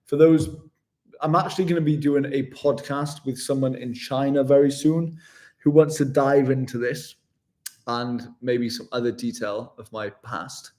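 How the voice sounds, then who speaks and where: His voice is mid-range and warm, a little slow, as this man from West Yorkshire, England fields viewer questions in a relaxed live Q&A vlog. He's self-deprecating and addresses people as "mate."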